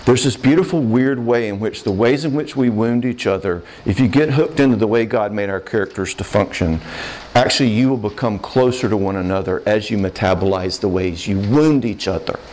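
A Christian speaker on marriage and forgiveness, a man with a lowish, darkish voice, talks a little fast in an earnest, conversational sermon-style talk on forgiveness. He gets emotional at times and checks in with his listeners as he goes.

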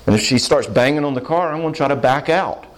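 A man answers questions from a live audience as a counselor. His voice sits at a middle pitch, and his delivery is plainspoken and animated. He slips into short acted-out voices now and then. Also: fast.

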